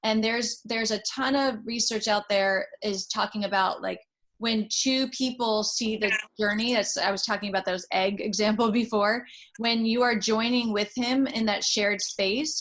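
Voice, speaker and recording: A woman psychologist giving a parent careful, measured advice on a podcast. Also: mid-range voice, fairly even intonation, fairly bright tone, rough recording. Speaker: child psychologist advising a parent. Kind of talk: supportive advice.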